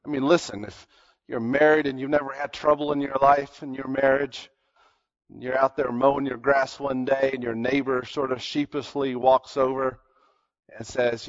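A man preaching a sermon. His delivery swings from hushed storytelling to loud, high emphatic peaks. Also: level tone, moderate pace. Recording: dull lo-fi sermon recording.

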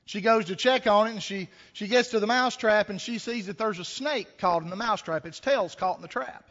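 A man's voice: high voice, fairly quick, fairly bright tone. A man preaching a sermon, folksy and conversational, with rhetorical questions and a homespun story. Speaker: pastor. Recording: echoey hall, dull lo-fi sound.

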